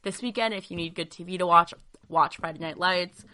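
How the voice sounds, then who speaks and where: Bright, gushing young woman podcast host. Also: fairly low pitch, a little fast. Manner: gushing, chatty, many fillers. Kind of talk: casual solo podcast chat.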